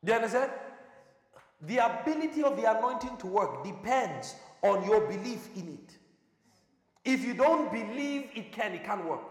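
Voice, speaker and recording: A male preacher with a high voice that leaps up and down, quizzing his listeners and hammering home repeated lines. He is heard in a big echoey hall with a long reverb trailing each phrase. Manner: call-and-response questioning, emphatic repetition. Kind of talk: sermon.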